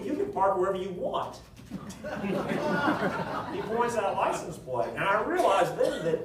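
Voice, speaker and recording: A man, a political candidate, answering at a town hall meeting, telling anecdotes with jokes in a lively storytelling manner. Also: fairly high pitch, recorded from a distance, slight background noise. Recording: echoey hall recorded from afar.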